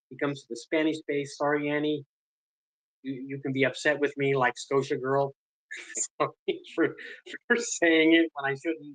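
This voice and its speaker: A man's voice: a little high, fairly bright tone, dry recording, low-quality recording. A man speaking in a casual live audio chat, enthusiastic and apologetic, often restarting and repeating words. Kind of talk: casual rambling community chat.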